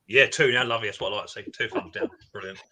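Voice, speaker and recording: A man's voice: lowish voice, very fast, bright, forceful tone. A man from England hosting a casual live stream, bantering with friends and greeting people in the chat, often repeating words as he starts.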